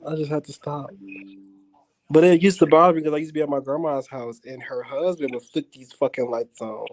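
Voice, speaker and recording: A woman's voice: low-pitched, fairly even intonation, a little fast, a little mellow, no room sound, low-quality recording. A woman co-hosting a live stream in casual chat, telling stories, acting out what others said, and laughing easily. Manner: storytelling, acts out others' voices, laughs easily. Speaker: stream co-host.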